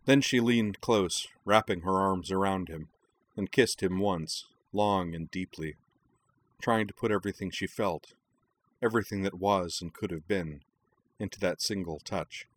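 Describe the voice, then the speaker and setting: A man reading a story aloud as its narrator, in calm, even scripted narration. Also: deep voice, a little slow.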